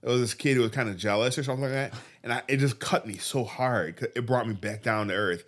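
A man earnestly telling a personal faith story, often halting and restarting his sentences. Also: mid-range voice. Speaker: guest telling his testimony.

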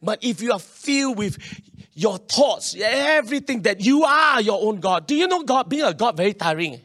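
A man preaching a sermon, animated, with local particles and many restarts. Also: high-pitched, moderate pace. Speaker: pastor.

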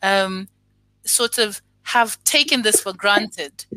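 Bright, dry-sounding woman interviewer. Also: medium pitch, takes it slowly, dry recording, poor audio. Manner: thoughtful, hesitant, many fillers and restarts. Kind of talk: conversational interview.

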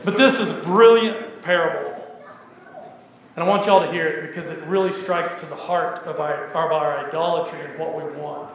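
A man's voice: on the high side, slight background noise. A man with a Texan accent preaching a sermon as pastor, emphatic and joking with the congregation. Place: church sanctuary. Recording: echoey church hall with reverb.

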